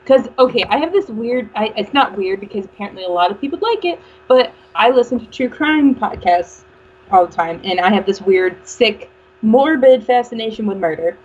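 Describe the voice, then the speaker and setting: A woman co-hosting a casual podcast chat, trading quick banter and laughing often. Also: medium pitch, lively intonation, darkish tone, dull audio, slight background noise.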